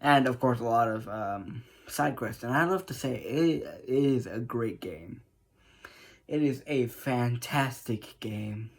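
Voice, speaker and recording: A man's voice: mid-range voice, expressive, takes it slowly, creaky. A man vlogging in a casual, emotional way about a game, laughing often and rambling with restarts. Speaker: gaming vlogger. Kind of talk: casual monologue.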